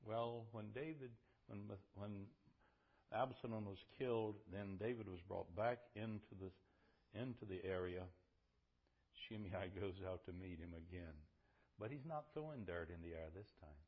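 A man's voice: lowish voice, a little slow, muffled recording. A man preaching a sermon, retelling scripture in a conversational way and building to fervent emphasis.

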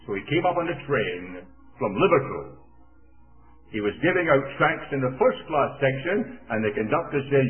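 An older Scottish man preaches and tells a story, his pitch rising and falling as he voices each person in it. The sound is thin and tinny, like a phone line, with faint music underneath. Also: moderate pace. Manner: storytelling, acting out dialogue with animated pitch. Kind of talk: sermon with personal war story.

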